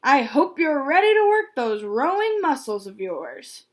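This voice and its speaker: A woman voicing a loud, booming, sinister male camp owner in a children's story. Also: sing-song, a little slow.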